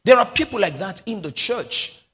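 A pastor with a Nigerian English accent preaching a sermon, drilling key phrases through call-and-response with the congregation and breaking into prophetic prayer. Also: male voice, high voice, lively intonation, normal speed, a bit bright. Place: large church hall. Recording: long hall reverb.

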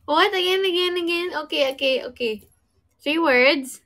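A woman's voice: very high-pitched, moderate pace, a bit bright. A woman co-hosting a livestream, playing a word-guessing game playfully and laughing often. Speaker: livestream co-host.

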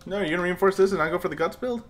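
A young man co-hosting a gaming video, giving fast, joking commentary full of swearing. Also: sits high, faint music behind. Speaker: gaming co-host. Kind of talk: casual gaming chat.

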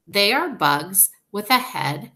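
A woman's voice: medium pitch, big pitch swings, takes it slowly, bright, forceful tone, pitched above the performer's own voice, heavily acted. A woman reading out a curious young boy. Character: curious young boy who loves bugs.

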